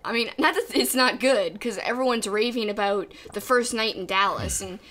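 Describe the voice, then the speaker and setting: A woman's voice: mid-range voice, expressive, moderate pace, pushed and bright. A woman co-hosting a casual podcast, giving emphatic and opinionated takes. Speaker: podcast co-host. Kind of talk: casual wrestling podcast chat.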